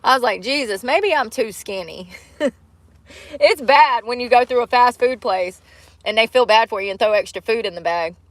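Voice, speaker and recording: A woman's voice: on the high side, moderate pace, no room sound. A woman hosting a casual livestream, talking bluntly to her chat, swearing freely and laughing often. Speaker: livestream host. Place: in a vehicle.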